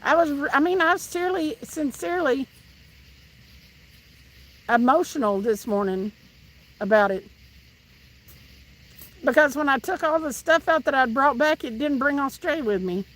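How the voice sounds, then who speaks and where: Her high, slightly bright voice carries lively intonation at a normal speed, with frequent pauses, as this Tennessee woman with a Southern accent reads chat during a fishing live stream by the water. She chats and laughs, often starting sentences over. The audio is poor.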